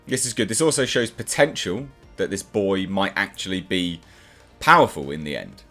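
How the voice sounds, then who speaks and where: A man's voice: deep voice, sing-song, normal speed, sharp tone, soft background music. A man hosting his own channel, giving a casual and enthusiastic spoken review of a TV episode. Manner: enthusiastic, chatty, acts out characters' lines.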